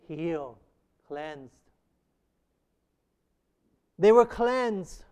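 Male pastor, very high voice, emphatic sermon delivery with rhetorical questions. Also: big pitch swings, slow pace, pauses often, a little mellow.

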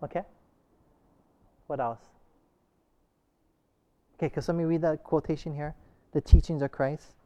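Man teaching a church class, quick back-and-forth questions, somewhat high pitch. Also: steady tone, warm tone. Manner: asks the group many short questions. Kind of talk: interactive church class discussion.

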